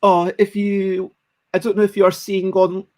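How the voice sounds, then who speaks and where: Lively podcast host, casual, relays audience comments. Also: mid-range voice, unhurried. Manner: lively, reads out viewer comments. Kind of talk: casual chat.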